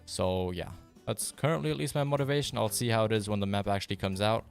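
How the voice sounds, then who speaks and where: Low, even-voiced German man streaming. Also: fast talker, gravelly, soft background music. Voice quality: fairly monotone, even delivery. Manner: relaxed, rambling, with many fillers and restarts. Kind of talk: casual live-stream chat answering viewers.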